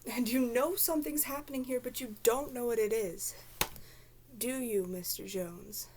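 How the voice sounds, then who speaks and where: A woman's voice: on the high side, measured pace, darkish tone. Woman, spoken-word performer, dramatic recitation, theatrical, sometimes whispering, faint noise underneath.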